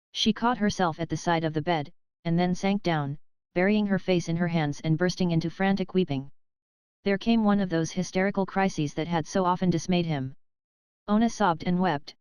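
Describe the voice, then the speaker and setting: Brief: woman audiobook narrator, measured scripted storytelling, lowish voice, very clean and dry. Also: clean tone, no room sound, low-quality recording. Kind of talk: scripted narration of a classic novel.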